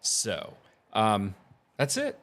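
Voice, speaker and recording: A man's voice: on the low side, wildly swooping pitch, very slow, fairly bright tone. A man rambling casually about audio gear and his plans, with lots of fillers and easy laughter. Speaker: tech vlogger. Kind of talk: casual vlog chat.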